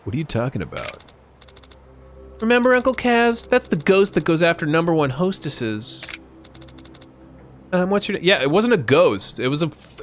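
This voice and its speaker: A man's voice: a little high, a bit bright. A man streaming a video game live, commenting in a rambling, jokey and profane way.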